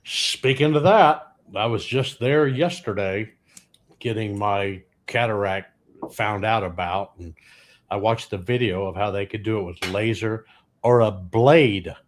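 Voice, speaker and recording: Low-voiced man in his sixties. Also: measured pace. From Louisiana, US. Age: 60s. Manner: rambling anecdotes with dry punchlines. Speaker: guest comedian. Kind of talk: comic storytelling on a podcast.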